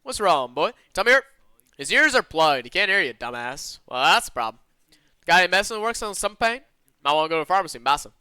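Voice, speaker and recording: A man voicing a bunch of rough, panicky male kidnappers in a game story, pushing his voice up and straining it. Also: sits high, big pitch swings, quick pace, pushed and bright, no echo, clean studio sound, exaggerated voice. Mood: gruff bickering.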